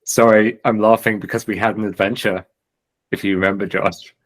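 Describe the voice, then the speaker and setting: A man's voice: lowish voice, little pitch movement, normal speed. A man co-hosting a casual tabletop gaming podcast, trading dry joking asides. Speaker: podcast co-host.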